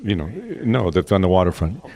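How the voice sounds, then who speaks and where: Brief: veteran voice actor at a panel mic, lowish voice, thoughtful and loose. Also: male voice, vocal fry, a little mellow. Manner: reflective, drifting into quick character voices. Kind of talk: relaxed panel talk. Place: convention panel room.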